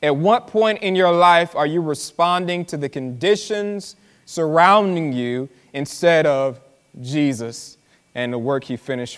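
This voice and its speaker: In a live church sermon with hall reverb, a male pastor with a mid-range voice stretches words for dramatic, slow emphasis and repeats lines. He keeps it conversational, speaking straight to the congregation and telling them to listen.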